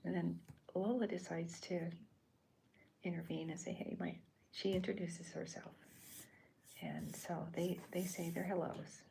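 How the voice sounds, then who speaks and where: A woman cartoonist in soft-spoken ASMR commentary, talking hesitantly with many restarts as she describes her comic panels. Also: fairly low pitch, steady tone, a little slow, creaky, pauses often, slight background noise, poor audio.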